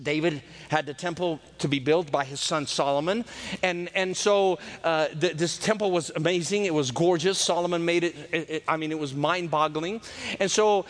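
High-voiced preacher. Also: male voice, moderate pace. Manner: folksy, joking, drops into character voices, swings loud and soft. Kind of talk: lively sermon.

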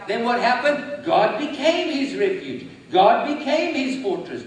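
A man preaching a sermon as pastor, emphatic and building to loud declarations. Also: extremely high pitch, sing-song, a little slow, few pauses. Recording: echoey hall, mic at a distance. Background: congregation responding.

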